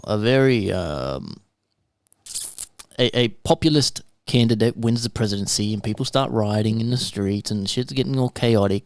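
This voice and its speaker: A man's voice: lowish voice, clear, resonant tone, no echo, clean studio sound. Rambling Australian podcast host man. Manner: rambling, conspiracy storytelling, swears casually. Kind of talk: casual chat.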